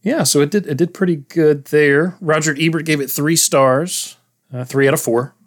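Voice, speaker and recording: A man's voice: fairly high pitch, normal speed. A man co-hosting a movie podcast, casually reading out film facts and laughing often. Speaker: podcast co-host.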